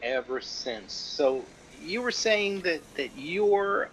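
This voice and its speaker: A man's voice: a little high, animated, slow pace, fairly bright tone, slight background noise, low-quality recording. A man co-hosting a comedy food podcast, playfully posing as a pompous expert. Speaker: podcast co-host. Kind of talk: comedic casual chat.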